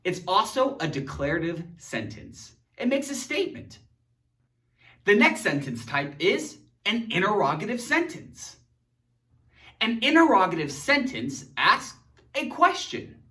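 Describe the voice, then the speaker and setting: A man hosting an animated grammar lesson, talking in a theatrical, jokey way and acting out silly example sentences. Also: high-pitched, unhurried, distant mic. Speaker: grammar teacher. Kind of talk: animated educational video lesson.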